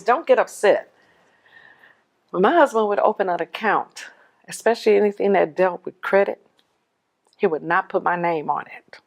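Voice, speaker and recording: Lowish-voiced woman telling her story. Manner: animated storyteller acting out dialogue. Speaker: widow sharing her story. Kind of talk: personal testimony.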